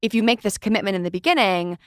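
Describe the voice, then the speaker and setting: A woman's voice: medium pitch, fast talker, dry recording, clean studio sound. A woman in her twenties hosting a podcast, chatting casually, laughing often and acting out what others said. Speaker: podcast host. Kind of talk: casual interview chat.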